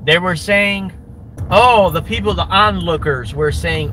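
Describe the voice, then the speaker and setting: A man with a high, bright voice rambles through a story, stammering and repeating himself as he goes. He is recorded outdoors with faint traffic noise behind him. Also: a little slow, rough recording. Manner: rambling, repetitive, stammering restarts.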